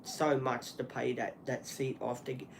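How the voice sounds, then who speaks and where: A man hosting a solo livestream, talking earnestly and apologetically in halting speech with many restarts and fillers. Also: medium pitch, level tone, creaky, slight background noise. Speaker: channel host.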